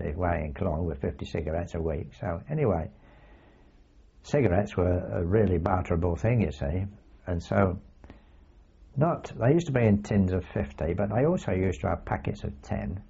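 An older man recalling his wartime days in a rambling oral history, full of asides and halting restarts. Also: low-pitched, creaky, dark tone, slightly rough. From England. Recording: dull lo-fi recording.

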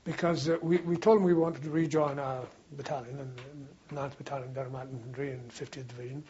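A man's voice: medium pitch, steady tone, fairly quick, dark tone, dull audio. An older man, a war veteran, recalling old times in a rambling, anecdotal way for an oral history interview. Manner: rambling anecdotal storytelling, frequent restarts.

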